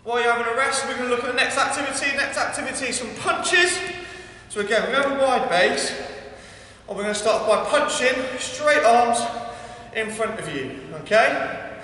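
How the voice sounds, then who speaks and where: Breathless English coach in an echoey hall. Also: male voice, very high-pitched, normal speed. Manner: energetic, encouraging, counting down reps. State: out of breath at times. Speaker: PE workout instructor. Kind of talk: coaching a workout class. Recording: echoey hall, mic far off.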